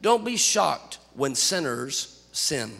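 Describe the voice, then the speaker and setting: Male pastor, sermon delivery, bright tense tone, long church-hall reverb. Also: medium pitch, slow pace, vocal fry. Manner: animated storytelling preacher, rising to shouts.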